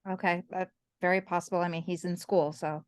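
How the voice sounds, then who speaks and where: A woman in the audience answers a reading with soft, brief replies. Her voice sits fairly low. The sound is dry and close, with no room around it. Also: little pitch movement, fairly quick, clear, resonant tone, no room sound. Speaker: audience member receiving a reading.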